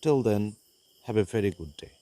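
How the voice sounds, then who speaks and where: A man teaching a grammar lesson to students, reading example sentences and pointing out each connector in a careful, deliberate way. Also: fairly low pitch, lively intonation, mellow. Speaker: English teacher.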